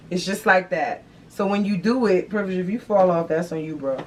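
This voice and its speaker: A young woman chats to her camera in an animated, slangy, freely profane way, her voice sitting a little low. The mic is set back from her, with faint background noise underneath. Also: fairly quick, hardly any pauses, far from the mic. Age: young adult. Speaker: vlog host. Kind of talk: casual chat to camera.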